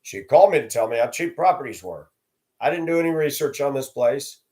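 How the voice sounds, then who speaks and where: A middle-aged man from the Denver area tells personal stories in a casual, unscripted way. His voice sits at an ordinary mid pitch. He acts out the other people's lines and raises his voice when the story turns tense. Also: expressive, brisk. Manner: acts out quoted voices, rising loud for confrontations. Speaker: vlogger telling personal stories.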